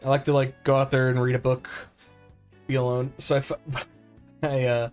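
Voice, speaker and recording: A middle-aged man chatting on a live gameplay stream, his voice at an ordinary mid pitch. He rambles through stories with plenty of fillers and pokes fun at himself. Soft game music plays faintly underneath. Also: completely flat delivery, moderate pace. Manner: rambling, self-deprecating storytelling with lots of fillers. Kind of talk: casual live-stream chat over gameplay.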